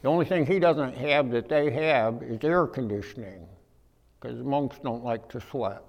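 A man preaching a humorous storytelling sermon, animated, acting out voices and swinging from quiet to loud. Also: medium pitch, unhurried. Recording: echoey hall.

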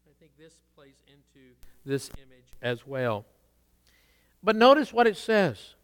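A man preaching a sermon, rising to strong emphasis and dropping to quiet asides. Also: high voice, big pitch swings, measured pace, smooth, no room sound. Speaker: pastor.

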